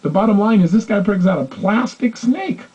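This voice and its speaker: A man giving a motivational talk, telling stories with animated delivery and acting out the voices of the people in them. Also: high-pitched, normal speed, husky. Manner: animated, acts out quoted voices. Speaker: motivational speaker. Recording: dull lo-fi recording.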